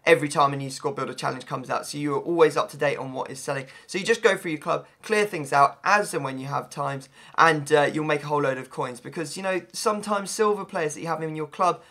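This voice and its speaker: A man commentating on his game in a chatty, rambling way. His voice is hoarse and slightly gravelly, and it sits a touch high with a bright, forward edge. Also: fast, few pauses. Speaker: gaming YouTuber. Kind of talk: gameplay commentary.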